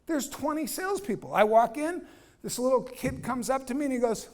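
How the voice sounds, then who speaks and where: A man giving an energetic, blunt real estate training talk, acting out dialogues and quizzing his audience. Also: extremely high pitch, a little fast. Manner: energetic, acts out dialogues, asks audience questions. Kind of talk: live training talk to agents.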